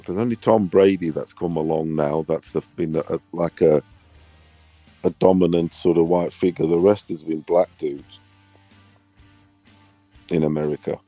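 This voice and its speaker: A man's voice: low-pitched, fairly even intonation, moderate pace, long pauses, warm tone, dry recording, soft background music. A man who grew up outside England and lives there, chatting on a casual panel, rambling with restarts and often asking "do you get me?". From not English, lives in England. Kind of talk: casual podcast chat.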